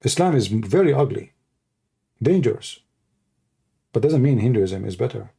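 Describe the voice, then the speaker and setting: A man's voice: medium pitch, lively intonation, moderate pace, creaky, dark tone, breathy edge. A man hosting a long livestream who rants in a mocking, sarcastic way and acts out his opponents. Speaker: livestream debate host. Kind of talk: casual livestream rant.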